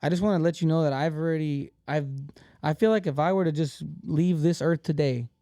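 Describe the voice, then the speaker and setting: A man's voice: on the high side, a little fast, dark tone, no room sound, clean studio sound. A man talking in a casual podcast chat as the guest comedian, earnest and rambling, calling people "bro" and "man".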